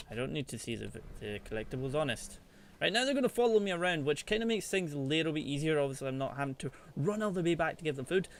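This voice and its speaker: A man giving chatty, playful let's play commentary, teasing the animals in the game as he plays. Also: fairly high pitch. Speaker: gaming channel host.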